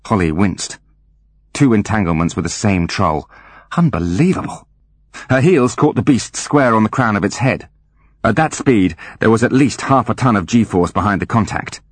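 A man narrating an audiobook with wry, animated storytelling. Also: fairly low pitch, moderate pace, breathy edge, dry recording. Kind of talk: scripted narration.

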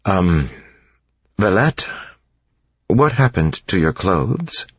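A man's voice: sits low, big pitch swings, very slow, slightly rough, no room sound, pitched above the performer's own voice, exaggerated voice. A man voicing an awkward, bookish young nobleman who hesitates and fumbles with polite wryness, in a dull lo-fi audiobook recording. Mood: flustered.

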